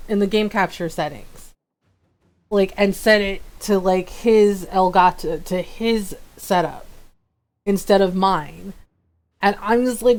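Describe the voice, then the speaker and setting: A woman streamer chatting casually while gaming, telling a story with lively quoted outbursts and frequent laughter. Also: a little high.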